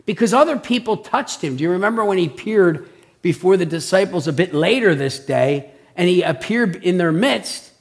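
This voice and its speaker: A man preaching a conversational sermon, animated, who keeps checking in with his listeners with "okay?" and "right?". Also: high voice, normal speed.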